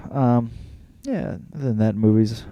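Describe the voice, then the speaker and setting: Rambling, gravelly man with a dark voice. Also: medium pitch, no echo. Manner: crude, rambling, self-mocking, lots of fillers and cursing. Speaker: podcast host. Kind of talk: casual rambling comedic monologue.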